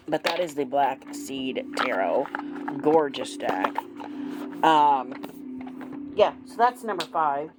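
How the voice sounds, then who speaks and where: A woman with a low, deep-set voice gushes over her favorite decks in a loose, chatty way, full of ums and restarts. Clear background music plays underneath her talk. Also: rough recording. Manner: gushing, chatty, many fillers. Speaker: tarot vlogger. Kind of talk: casual show-and-tell.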